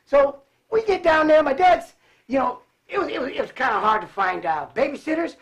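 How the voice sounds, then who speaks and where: A man from Cleveland who grew up in California, a guest telling animated stories with frequent laughter. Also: extremely high pitch, brisk. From Cleveland, raised in California. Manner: animated, laughs often, acts out voices. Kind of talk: casual storytelling.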